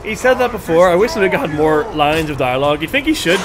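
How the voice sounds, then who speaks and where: Male streamer, excitable, sweary, high voice, loud game noise behind. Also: fast talker. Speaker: livestreamer. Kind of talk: casual gameplay commentary.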